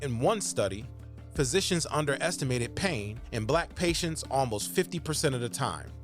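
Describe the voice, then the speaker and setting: Male documentary host, measured and earnest, mid-pitched, light music bed. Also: expressive. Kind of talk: documentary narration and interview.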